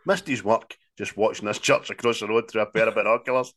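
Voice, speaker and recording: A man's voice: lowish voice, fast. A Scottish man co-hosting a casual film review chat, telling the plot with swearing and laughter. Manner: sweary, laughing, animated retelling. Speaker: podcast co-host.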